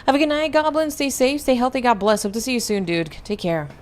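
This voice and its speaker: A woman's voice: on the high side, expressive, fast talker. Playful woman streamer. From United States. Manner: playful, chatty, reads and answers chat. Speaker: VTuber streamer. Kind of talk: casual gameplay stream chat.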